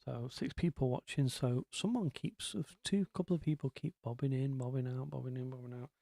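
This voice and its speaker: A man's voice: mid-range voice, brisk, gravelly, warm tone, no echo. A man hosting a casual live-stream chat, rambling along with lots of ums and asides.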